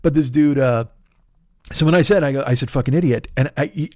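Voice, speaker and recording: A man's voice: on the high side, fairly quick, a little mellow, dry recording, studio quality. A middle-aged male comedian hosting his own show, telling a rambling, profane, self-deprecating story in a casual monologue. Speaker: comedian and podcast host.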